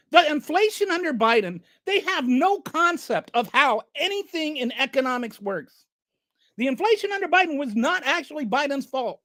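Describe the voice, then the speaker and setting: A fed-up channel host delivers sarcastic political commentary in a ranting style. The pitch swings widely, rising sharply in moments of exasperation. The recording is dry and close, with no room echo. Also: fairly bright tone.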